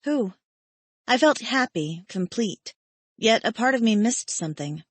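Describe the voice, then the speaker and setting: A woman narrating a romance audiobook in first person, gentle and wistful. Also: on the high side, animated, moderate pace, breathy edge, no echo. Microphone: studio mic.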